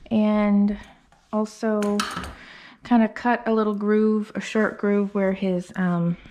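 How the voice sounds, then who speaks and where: A woman's voice: mid-range voice, vocal fry, mellow, a little hiss or hum. A young woman dog groomer chatting casually as she works on a dog, a little out of breath. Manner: chatty, thinks aloud, coos at the dog. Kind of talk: casual grooming vlog narration. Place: grooming salon.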